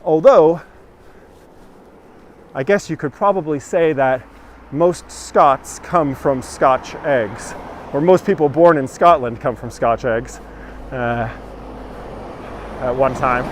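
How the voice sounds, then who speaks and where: A fairly high-voiced man guides a live walking tour, talking in a loose, jokey way and answering comments as he goes. He is outdoors on a village street, and faint traffic hums behind him.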